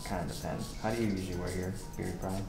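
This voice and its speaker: A man working as a barber, explaining a head shave in a relaxed, practical way while he works. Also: low-pitched, fast, gravelly, roomy sound, music in the background. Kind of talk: casual instructional chat.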